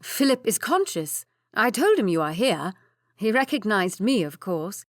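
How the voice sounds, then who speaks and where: A woman's voice: mid-range voice, sing-song, measured pace, no room sound, clean studio sound. A woman voicing an earnest young English nobleman who speaks with concern for his brother.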